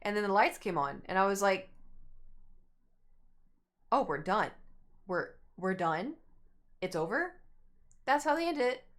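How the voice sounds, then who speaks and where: A woman's voice: mid-range voice, unhurried, pauses often. A young adult woman streamer casually telling a long story to her chat, rambling and acting out what people said. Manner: rambling, animated, acts out quotes.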